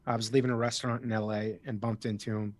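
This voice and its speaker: Speaking quickly in a fairly low, flat voice, this Miami guest actor has a slight East Coast accent. In a casual interview he tells rambling, chatty stories and keeps restarting his thoughts.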